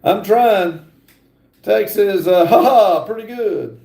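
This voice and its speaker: A livestream host chats casually and reads viewers' comments aloud, drawling slowly with lots of fillers and vocal fry. His high voice is mellow and relaxed, and his room echoes.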